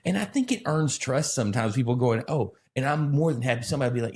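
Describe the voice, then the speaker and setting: A man from Alabama, a pastor in casual conversation who rambles and tells animated stories with self-deprecating humor. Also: mid-range voice, quick pace. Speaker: pastor and podcast co-host.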